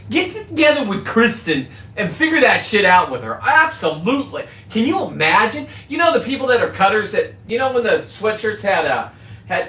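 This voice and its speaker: A man's voice: sits high, bright, forceful tone, reverberant, a little hiss or hum. Boisterous, profane middle-aged man livestreaming. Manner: profane, boisterous, jumps between topics. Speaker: livestreaming content creator. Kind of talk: rambling casual livestream.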